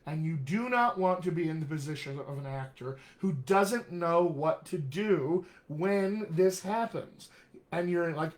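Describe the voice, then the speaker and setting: A man's voice: fairly high pitch, a little slow. A man coaching actors in a live-streamed talk, direct and encouraging, often checking in with "all right?". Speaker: dialect coach.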